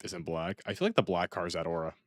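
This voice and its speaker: A man's voice: low-pitched, animated, quick pace, no echo, studio quality. Rambling, playful man streaming a game. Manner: rambling, playful, repeats himself. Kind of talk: casual gaming stream commentary.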